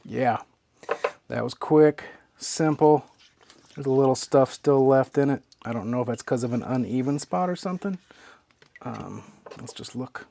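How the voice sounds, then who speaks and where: A man hosting a knife sharpening channel, talking casually to his viewers in a relaxed, chatty way while he works. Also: medium pitch, unhurried, gravelly, a little hiss or hum. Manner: relaxed and chatty, with fillers and trailing asides. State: hiccups. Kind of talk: casual demo talk to camera.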